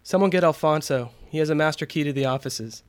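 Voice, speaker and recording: A man's voice: a little high, fast, clean tone, natural voice. A man voicing an alarmed male office coworker who gives insistent orders in a read-aloud story. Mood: commanding. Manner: commanding, insistent.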